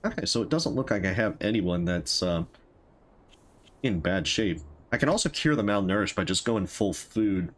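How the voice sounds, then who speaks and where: A man's voice: low-pitched, expressive, moderate pace. A man commenting on his game and reading the characters' lines in amateur put-on voices, laughing at his own delivery. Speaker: game streamer voicing characters.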